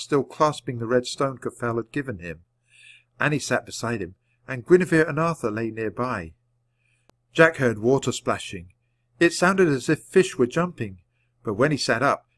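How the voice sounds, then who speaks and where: A man reading a children's storybook aloud at a natural, measured pace for learners. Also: medium pitch, fairly bright tone. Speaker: audiobook reader. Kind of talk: storybook narration read aloud.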